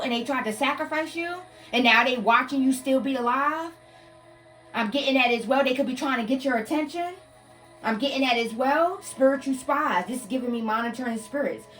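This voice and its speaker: A woman's voice: high voice, a bit bright, far from the mic. Blunt profane tarot reader woman. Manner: blunt, profane, addresses listeners as y'all. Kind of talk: casual live tarot reading. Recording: voice a bit off-mic with faint music.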